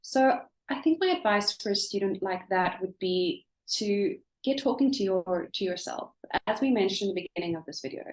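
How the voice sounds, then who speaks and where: Brief: South African woman teacher, lively guest, mid-pitch, echoey room. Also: moderate pace, hardly any pauses. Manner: animated, thinks aloud with many ums. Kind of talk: casual interview chat.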